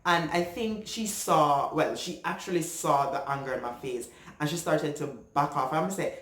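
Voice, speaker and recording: A man's voice: on the high side, moderate pace. Jamaican man telling a personal story. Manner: earnest, animated, slips into patois when upset. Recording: echoey room.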